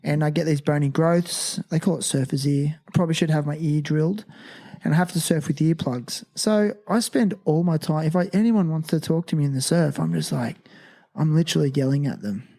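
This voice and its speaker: A woman's voice: low voice, fairly quick, gravelly, dark tone. A woman hosting a casual interview, asking chatty, curious follow-up questions.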